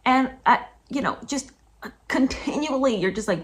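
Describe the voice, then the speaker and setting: A woman giving a casual commentary vlog as a book reviewer. She talks emphatically and indignantly, with sudden high-pitched outbursts. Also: expressive, normal speed.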